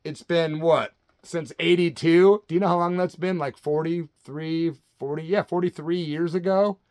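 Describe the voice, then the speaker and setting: A man's voice: fairly high pitch, normal speed, dry recording, studio quality. A man in his late fifties, a channel host from Central Illinois, telling a story casually and animatedly, ending his sentences with "man". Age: 50s. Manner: animated, says "man" constantly.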